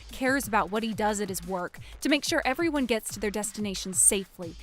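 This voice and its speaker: A woman voicing a calm, firm young wife in an animated story, speaking steadily. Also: fairly high pitch. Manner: steady, matter-of-fact. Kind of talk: animated story narration and dialogue.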